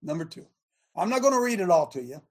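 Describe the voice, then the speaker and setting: A man's voice: sits high, very animated. A man hosting a religious broadcast, preaching and reading scripture aloud, emphatic and full of repeated rhetorical questions, often stopping to restart or make asides. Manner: halting, with frequent restarts and asides.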